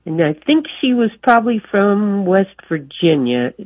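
An older woman calling in to a radio show, slowly and warmly recounting a family saying. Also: medium pitch, very animated, breathy edge, dry recording. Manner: slow, friendly storytelling. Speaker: caller. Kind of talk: phone call to a radio show. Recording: tinny phone line.

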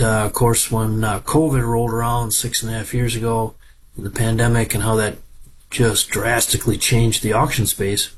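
A man's voice: on the low side, slightly rough, rough recording. A middle-aged man from Minnesota giving a casual, folksy report on farm equipment auction prices, wandering into asides along the way. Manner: folksy, digressive, with fillers.

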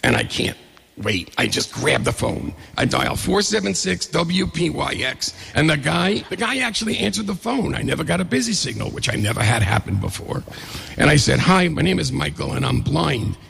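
A middle-aged man with a deeply gravelly, very husky voice tells a personal story on a stage. He is lively and acts out the other people in his story. His voice rings with a long hall reverb. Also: normal speed. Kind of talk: live storytelling.

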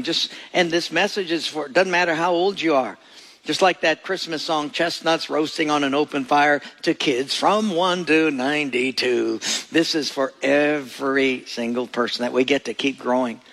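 Gravelly-voiced folksy preacher man. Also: on the high side, a bit bright. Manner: folksy, joking storytelling. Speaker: pastor. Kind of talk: sermon. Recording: echoey church hall.

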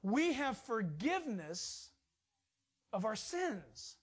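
A man preaching an informal sermon in a folksy, jokey way, swinging from loud bursts to hushed asides. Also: high voice, very animated, slow pace, breathy edge.

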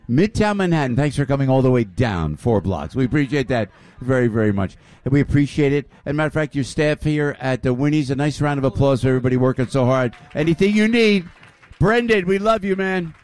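A man's voice: a little high, fairly quick, dry recording. An older man, hosting a live radio show before a crowd and greeting the audience. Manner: lively, repeats "I'll tell you", greets the crowd. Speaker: radio host. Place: restaurant venue with a live audience.

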